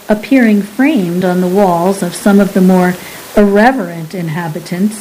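A woman reading a story aloud at a measured, unhurried pace, as an audiobook narrator. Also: mid-range voice, warm tone, slight background noise, poor audio.

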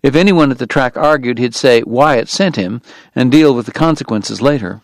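An audiobook narrator reads a western novel in a measured, even storytelling style. His voice sits at medium pitch, and the scripted narration has no room sound.

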